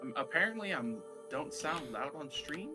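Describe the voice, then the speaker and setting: A loud, boisterous man bantering and teasing on a voice call through a laptop mic. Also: fairly high pitch, big pitch swings, moderate pace, over loud music. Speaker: tabletop game player.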